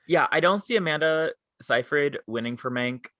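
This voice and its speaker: Lively, bright-voiced young man chatting. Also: a little high, normal speed, no echo. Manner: animated storytelling, quotes people with voices. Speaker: podcast co-host. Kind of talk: casual chat.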